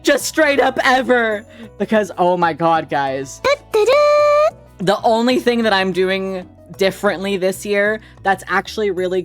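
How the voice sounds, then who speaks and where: A man's voice: sits high, a bit bright, smooth. A man streaming live, chatting casually with viewers in a rambling way, laughing often and swearing freely.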